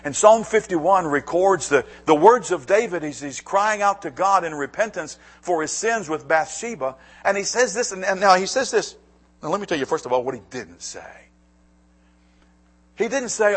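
Man, pastor, sermon, husky, slightly high, hushed to emphatic, wide pitch swings. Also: lively intonation, moderate pace. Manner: dramatic swings from hushed asides to raised, emphatic declarations.

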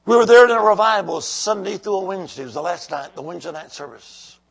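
A man preaching a revival sermon, exhorting the congregation and swinging from shouts to whispers. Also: high voice, animated, quick pace, gravelly. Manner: calls out to the congregation.

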